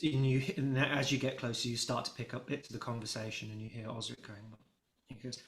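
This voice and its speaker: A man's voice: medium pitch, level tone, fairly quick, a bit bright. A man narrating as game master of a tabletop game, rambling, with many fillers and restarts. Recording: roomy echo.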